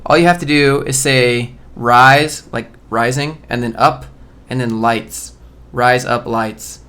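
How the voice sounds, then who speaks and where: A man's voice: mid-range voice, a little slow, sharp tone, clean tone. A man on a casual live stream who reads job listings aloud and riffs on them in a blunt, joking way. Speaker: streamer reviewing job postings.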